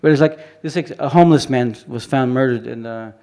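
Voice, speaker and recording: A man's voice: medium pitch, fairly quick, dark tone. Rambling male photographer giving a talk. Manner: rambling, many restarts and "you know" fillers. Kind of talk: informal presentation talk. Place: conference hall.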